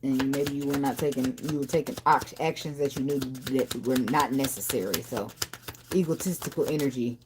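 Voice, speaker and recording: A woman's voice: very deep voice, normal speed, noisy background. A woman giving a casual tarot reading in a blunt, profane, talkative way. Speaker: tarot reader.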